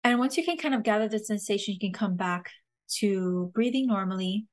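A woman hosting a podcast, slowly and gently guiding listeners through a breathing and humming exercise. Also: mid-range voice. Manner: gentle, slow guiding instructions with soft laughs. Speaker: podcast host leading a somatic exercise.

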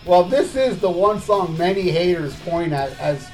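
Sarcastic high-voiced man, crude chat. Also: expressive, a little slow, hardly any pauses, a little mellow, faint music behind. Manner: sarcastic, swearing, laughing often. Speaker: podcast host reviewing albums.

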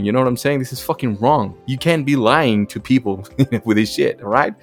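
A man's voice: mid-range voice, expressive, brisk. A man hosting a podcast alone, talking bluntly and emphatically in a casual monologue, full of profanity and repetition, with faint music behind him. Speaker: podcast host.

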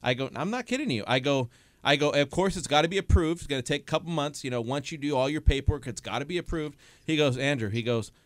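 A man co-hosting a fishing radio show, telling a catch story with lively acted-out dialogue from a studio. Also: on the high side, quick pace, no room sound. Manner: animated storyteller, acts out phone dialogue. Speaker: fishing report co-host. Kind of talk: casual radio talk.

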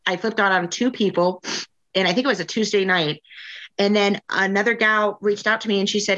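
A woman tells stories in a relaxed, candid chat and often jumps higher to act out what people said. Her voice sits mid-range and sounds a little muffled and dull. She talks in an unguarded, personal way. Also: a little fast. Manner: animated storyteller, acts out quotes in raised voice.

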